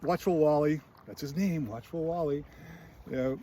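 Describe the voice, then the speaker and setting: A man's voice: a little high, moderate pace, dark tone, a little hiss or hum. A man in a casual film critique, recounting scenes in a chatty way with many fillers and brief put-on voices. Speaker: screenwriting channel host.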